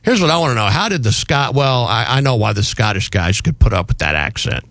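A man's voice: mid-range voice, sing-song, brisk, creaky, fairly bright tone, dry recording. A man hosting a talk radio show, delivering mocking, sarcastic commentary on a studio microphone.

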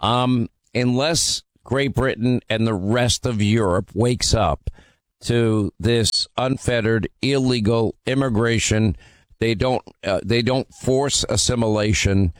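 A male radio talk host delivers his opinions with emphatic force, scattering fillers as he goes. His voice sits at an ordinary pitch and is recorded dry and close in a studio. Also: slow, dry recording.

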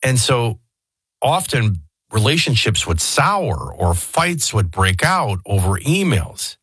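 Low, husky talk radio host. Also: male voice, big pitch swings, slow, fairly bright tone, no echo. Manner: conversational, digressive, folksy asides. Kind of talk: casual talk radio commentary. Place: radio studio. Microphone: studio microphone.

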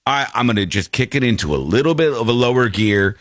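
A man's voice: sing-song, fast, few pauses, fairly bright tone, dry recording, clean studio sound. A male show host talking in a playful, jokey way, with a stuffy, congested voice. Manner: playful, jokey, swings pitch widely. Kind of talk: casual comedic show banter.

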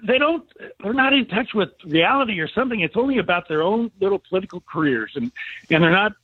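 A man's voice: sits high, expressive, quick pace, breathy edge, dry recording. Exasperated man on a phone line. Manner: exasperated, repetitive complaining. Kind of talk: political call-in chat.

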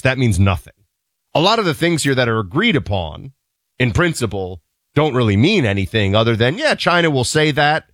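A man co-hosting a talk show, giving casual, animated political commentary with wry asides and laughter. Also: mid-range voice, normal speed, no room sound, studio quality.

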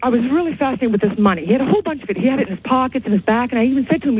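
A woman phoning in to a late-night radio talk show, telling her story in a rushed, excitable, shaken way. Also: a little high, husky, rough recording. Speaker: caller.

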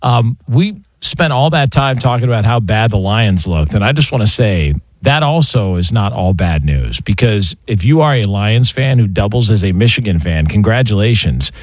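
A man's voice: fairly low pitch, animated, normal speed, hardly any pauses, no echo. A man hosting a sports radio show, teasing his co-host in loose, joking banter full of fillers.

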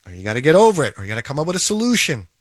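A man's voice: a little high, very animated, racing, dry recording, studio quality. A man giving an emphatic, repetitive motivational talk about toughness and handling emotions. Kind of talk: motivational monologue.

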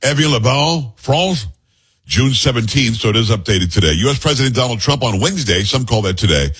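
Husky-voiced talk radio host. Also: male voice, mid-range voice, animated, brisk, a bit bright. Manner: reads news aloud with blunt personal asides. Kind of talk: opinionated talk radio commentary.

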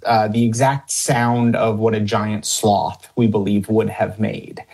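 A man's voice: medium pitch, gravelly, a little mellow, husky. A middle-aged man from upstate New York, a biologist, answering interview questions in a rambling way, with many fillers and restarts and frequent chuckles. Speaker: biologist and TV cryptid hunter.

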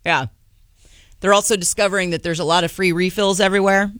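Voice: mid-range voice, steady tone, quick pace, fairly bright tone, no room sound, studio quality. A chatty talk show host introducing clips and bantering with co-hosts.

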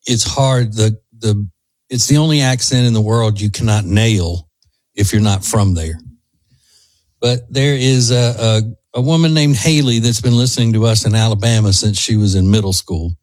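A man's voice: on the low side, moderate pace, darkish tone, no room sound. A man co-hosting a talk show, chatting in a rambling, laid-back way. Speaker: radio show co-host. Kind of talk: casual chat.

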